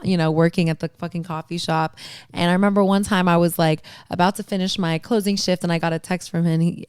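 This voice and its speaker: Woman podcast host in her twenties, personal storytelling, halting with lots of fillers; very smooth clear voice, dry close sound. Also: fairly low pitch, a little mellow, no echo. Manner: halting, many fillers and restarts.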